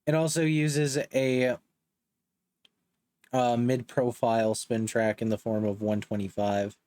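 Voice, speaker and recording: A man's voice: mid-range voice, flat delivery, takes it slowly, darkish tone. A young man giving a casual, joking recap of a manga, with slangy asides. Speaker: manga reviewer.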